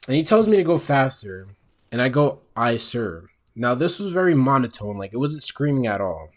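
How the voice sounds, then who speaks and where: A man's voice: medium pitch, very animated, a little fast. Laid-back young man telling a story. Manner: laid-back, profane, keeps checking in with "all right?". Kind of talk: casual storytime monologue. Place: at home. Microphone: own microphone, speaking quietly late at night.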